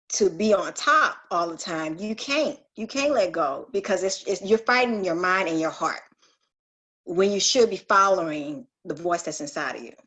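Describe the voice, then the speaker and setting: A woman sharing a heartfelt personal testimony in a group call, earnest and quick to laugh, often restarting her sentences. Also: lowish voice, a bit bright.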